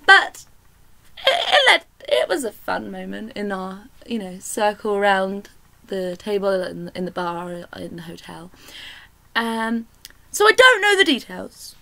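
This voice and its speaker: A young British woman, an indie author, chatting casually to camera in an animated, giggly and sweary way. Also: medium pitch, a little slow, creaky. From Britain.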